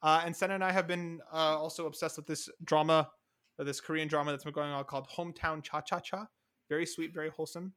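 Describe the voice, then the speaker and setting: Male podcast co-host, somewhat high voice, rapid and bright, excitable and casual. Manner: excitable, quick, swears casually. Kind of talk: casual chat.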